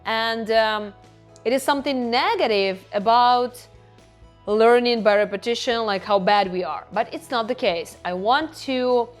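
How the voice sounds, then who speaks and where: A woman with a Ukrainian accent, a hypnotherapist explaining ideas to her viewers in an excited, emotional way, addressing them directly. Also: a little high, measured pace, faint music behind. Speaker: hypnotherapist and channel host. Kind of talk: explanatory talk to camera.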